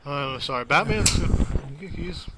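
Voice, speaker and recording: A man commenting casually over a game he is playing, joking crudely and swearing freely. His voice sits somewhat high, with clear noise behind it. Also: lively intonation, takes it slowly. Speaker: let's play commentator.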